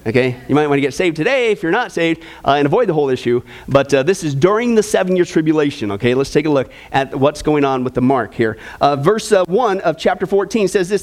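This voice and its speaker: A man's voice: sits high, a little fast. A male pastor preaching a sermon, reading scripture aloud and asking the congregation questions. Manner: animated, asks the audience questions, reads scripture aloud.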